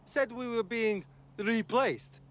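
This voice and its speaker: A man's voice: extremely high pitch, slow pace. An actor playing a blunt, laid-off male tech worker in a video game, talking in clipped, broken English.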